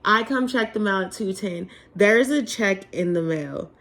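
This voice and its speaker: A young adult woman vlogging a casual storytime monologue, emphatic and animated, with frequent laughs and the odd curse. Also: mid-range voice, unhurried. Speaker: vlogger sharing a testimony.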